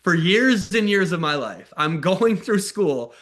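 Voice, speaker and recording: A man's voice: high-pitched, sing-song, a little slow, a bit bright. An American man in his thirties telling his life story on a video call, in a casual, candid way, sometimes acting out the people he quotes. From United States. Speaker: motivational speaker. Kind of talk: personal story told to an online call.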